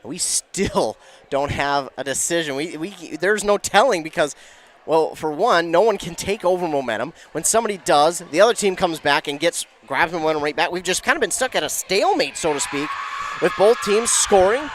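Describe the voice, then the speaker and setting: Bright-voiced guy calling a volleyball game, gets loud on big plays, bit of gym noise. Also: a little high, normal speed. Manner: excitable, rising to shouts on big plays. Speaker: play-by-play commentator. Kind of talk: live high school volleyball commentary.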